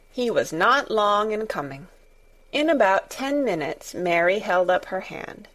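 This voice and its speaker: Slow, measured woman storyteller. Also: medium pitch, very animated, fairly bright tone. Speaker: narrator. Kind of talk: storybook narration.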